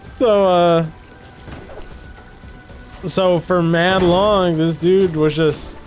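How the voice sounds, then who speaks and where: A man's voice: steady tone, extremely slow, faint music behind. A man telling a long story in casual chat while gaming, laughing often and rambling. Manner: rambling storyteller, laughs often, mimics people in higher voices. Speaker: co-host. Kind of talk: casual chat during gameplay.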